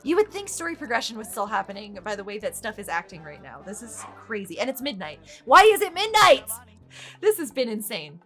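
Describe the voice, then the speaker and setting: A woman's voice: medium pitch, very animated, fast talker, few pauses, over music. A woman hosting casual gameplay commentary, exasperated, swearing freely and laughing often. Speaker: gaming channel host.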